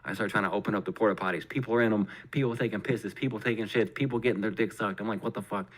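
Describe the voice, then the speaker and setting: A man's voice: lowish voice, very fast. A man hosting a podcast, telling a story in casual chat, swearing constantly and acting out his own reactions. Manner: profane, animated, acts out his own reactions. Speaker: podcast host.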